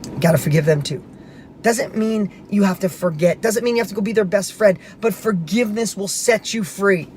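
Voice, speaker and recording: A man's voice: high voice, normal speed, darkish tone, a little hiss or hum. A middle-aged man speaking as a motivational speaker, telling a personal story in an emphatic, conversational way and repeating phrases for punch.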